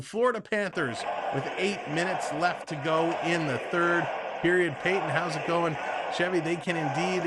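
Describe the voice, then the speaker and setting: Background noise sits behind this man's slightly high voice as he runs a live hockey stream. Chatty and excitable, he alternates between calling the play-by-play and reading comments from his viewers.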